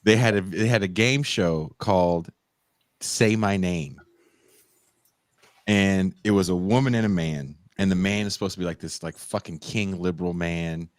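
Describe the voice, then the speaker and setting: A man's voice: deep voice, moderate pace, dry recording. A man co-hosting a casual political podcast, retelling a comedy sketch with lots of swearing. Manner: animated storytelling, swears often. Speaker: podcast co-host.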